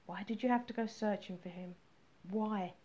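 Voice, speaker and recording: A woman's voice: mid-range voice, warm tone, natural voice. Woman voicing a bitter, grieving male detective. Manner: slow, measured, bitter. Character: troubled man, angry and grieving detective. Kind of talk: audiobook character reading.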